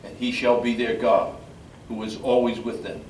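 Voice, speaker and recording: An older man, a priest, reading scripture in a measured, solemn way at a memorial service. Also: medium pitch, steady tone, a little mellow. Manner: measured solemn reading, halting when speaking freely. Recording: echoey room from far off, faint background noise.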